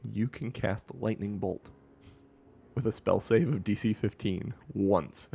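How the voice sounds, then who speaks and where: A low-voiced man runs a tabletop game as game master, describing scenes with a husky, gravelly tone. He narrates casually and laughs often between his lines. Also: unhurried, warm tone.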